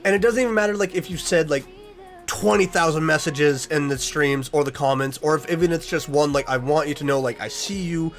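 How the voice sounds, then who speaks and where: A man's voice: fairly high pitch, a little fast, faint music behind. A young man chatting casually on a livestream about goals, earnest and emotional, rambling with restarts. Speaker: streamer.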